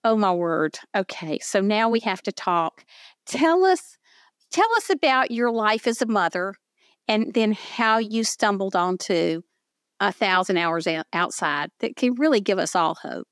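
A woman's voice: medium pitch, lively intonation, unhurried, no echo, clean studio sound. An older woman with a Southern accent hosting a podcast interview, chatty and effusive. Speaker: podcast host. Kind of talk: casual interview chat.

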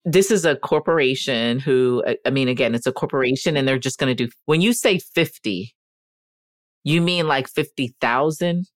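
A woman with a notably low voice co-hosting a casual podcast. She is playful and theatrical, talking straight to her listeners, and the recording is dry and close. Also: normal speed, no echo. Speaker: podcast co-host. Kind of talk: casual chat.

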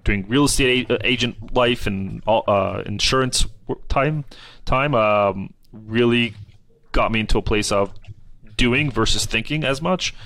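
A man, a podcast guest, telling a casual story in an animated, rambling way with many fillers. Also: mid-range voice, a little slow, no room sound. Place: South Florida.

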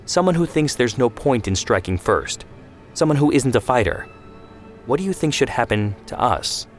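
A man voicing a quiet youngest brother who asks calm, pointed questions, in a read story. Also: mid-range voice, normal speed, soft background music, voice pushed up, lightly acted. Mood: earnest.

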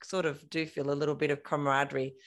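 A woman's voice: sits low, little pitch movement, quick pace. A middle-aged woman hosting a casual interview, thoughtful and often searching for words. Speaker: podcast host.

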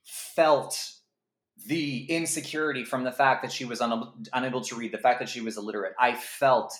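Man, casual film podcast chat, rambling and animated, echoey room. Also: mid-range voice, normal speed. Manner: animated, rambling, frequent fillers. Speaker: podcast co-host.

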